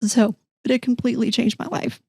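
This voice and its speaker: A middle-aged woman, a guest telling a personal story in an interview, animated and voicing the people in her story. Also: fairly high pitch, fairly quick, slightly rough, no room sound, clean studio sound. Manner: animated, acts out quoted dialogue, frequent restarts. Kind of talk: conversational storytelling.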